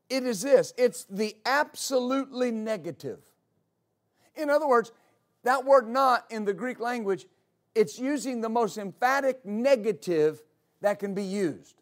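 A male pastor preaching a sermon in church, repeating key phrases and building to emphatic peaks. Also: sits high.

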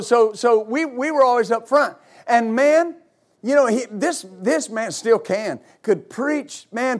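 High-voiced male pastor preaching. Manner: storytelling with loud exclamations and laughter. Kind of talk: sermon.

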